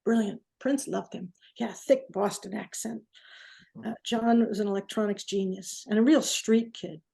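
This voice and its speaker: A woman recording engineer, interviewed as a guest, telling a story in an animated way and acting out the quotes. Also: mid-range voice, normal speed, creaky, slightly rough.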